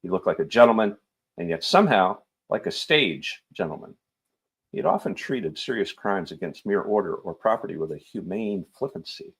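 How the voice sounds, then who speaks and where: A middle-aged man reading a novel aloud on his show in an unhurried, lightly theatrical way. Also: lowish voice, lively intonation, creaky, breathy edge.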